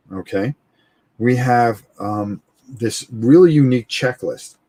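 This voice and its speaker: A man hosting a live tabletop game stream, explaining rules casually and thinking aloud, often pausing on "all right" and repeating himself. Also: medium pitch. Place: indoors at a gaming table, filmed from overhead.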